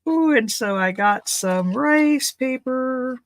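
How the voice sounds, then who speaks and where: A woman with a high, animated voice speaks slowly, chatting in a rambling, thinking-aloud way while she opens gifts at home for a craft video. It's a casual, chatty unboxing, and the recording is dry and rough.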